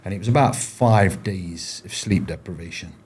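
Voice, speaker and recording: A man's voice: sits low, moderate pace, darkish tone, slight background noise. A man, a former paratrooper, telling his stories in a casual interview, rambling with frequent restarts and fillers. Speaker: podcast guest, former paratrooper.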